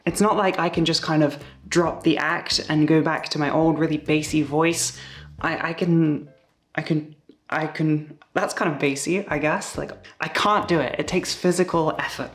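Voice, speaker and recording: A young woman vlogging at home in a casual, chatty way, full of fillers and little asides. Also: sits low. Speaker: YouTuber. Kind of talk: casual vlog talk.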